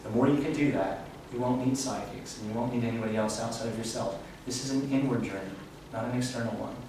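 A man's voice: mid-range voice, fast. Earnest man lecturing in an echoey room. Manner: earnest, reflective teaching tone. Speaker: spiritual workshop speaker. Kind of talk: live talk to an audience. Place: event room. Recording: echoey room, distant mic, faint hiss.

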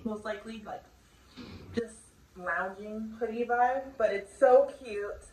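A woman's voice: fairly high pitch, takes it slowly, a little mellow, a little hiss or hum. A young woman chatting casually through a clothing try-on haul at home, bubbly and full of filler words. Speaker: fashion vlogger. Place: home room. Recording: echoey room audio, distant mic.

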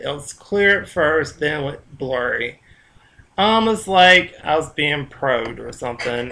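A man talking casually on his own vlog, telling stories in a loose, chatty way with cursing and quiet asides. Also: a little high, gravelly. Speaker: vlogger.

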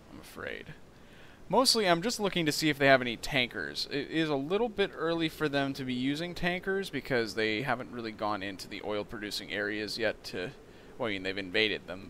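A man's voice: medium pitch, a bit bright, a little hiss or hum. A young man casually commenting on a submarine game, joking and rambling with self-mocking asides. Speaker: let's play host.

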